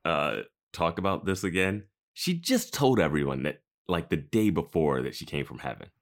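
A man's voice: low voice, very animated, normal speed. A man co-hosting a podcast, chiming in with wry, joking commentary. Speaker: podcast co-host. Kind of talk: casual chat.

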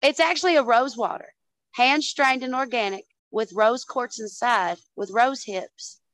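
A woman's voice: fairly high pitch, a little slow, a bit bright, low-quality recording. A woman guest in a casual chat, telling stories with lots of swearing and calling the listener "honey" and "dude". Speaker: podcast guest.

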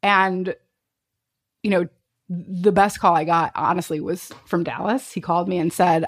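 Animated woman telling a story, a bit low. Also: unhurried, breathy edge. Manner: animated storyteller, acts out quotes, laughs often. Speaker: guest. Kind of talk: casual chat.

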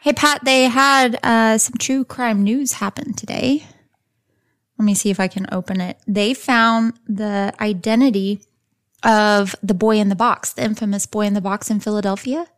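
This woman hosts a true crime podcast, working through a case from her notes in a casual, chatty manner with playful asides. Her voice sits at medium pitch, and she speaks at a moderate pace with fairly even intonation.

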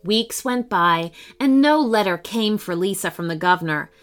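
Woman storyteller, children's story narration, expressive, lively pitch, faint music behind. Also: normal speed.

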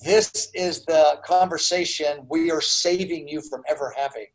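A man's voice: fairly high pitch, moderate pace, low-quality recording. A man in his sixties telling a personal story as an interview guest, earnest and full of restarts. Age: 60s.

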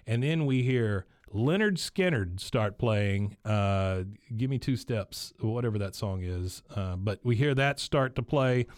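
A man's voice: lowish voice, unhurried, hardly any pauses, no room sound. A man hosting a podcast, animatedly retelling a cartoon episode in casual chat at a studio mic. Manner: animated storyteller, laughs while retelling. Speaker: podcast host.

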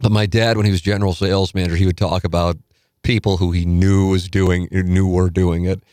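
A man's voice: low-pitched, flat delivery, a little fast, darkish tone, no room sound, studio quality. A middle-aged man hosting a podcast in casual chat, tired and yawning, rambling and swearing freely. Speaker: podcast host.

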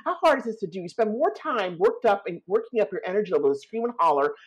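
A woman's voice: mid-range voice, animated, fast talker, breathy edge. A woman in a casual podcast chat, ranting in an exasperated way and acting out quotes. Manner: exasperated, rants, acts out quotes. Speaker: podcast co-host.

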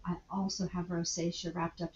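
A woman's voice: on the low side, flat delivery, fairly quick, darkish tone, reverberant, highs cut off, slight background noise. A woman guest, a skincare instructor, explaining clinical topics in a casual interview, laughing often and using fillers.

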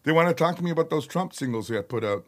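A middle-aged man, a metal singer telling stories as a podcast guest, animated, laughing and swearing freely. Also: a little high, rapid-fire. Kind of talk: casual storytelling chat. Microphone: podcast studio mic.

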